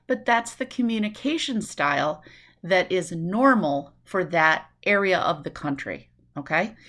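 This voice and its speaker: A woman from New City, giving a recorded nursing lecture in a lively way, acting out quick voices and asides. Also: lowish voice. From New York City. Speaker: nursing instructor.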